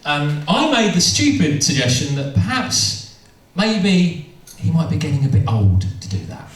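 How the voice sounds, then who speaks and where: A man telling stand-up stories, rambling with amused restarts. His slightly high voice moves up and down a lot. It echoes heavily around the room, picked up from some distance. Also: big pitch swings, unhurried. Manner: rambling, self-interrupting, amused. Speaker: stand-up comedian. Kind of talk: stand-up storytelling.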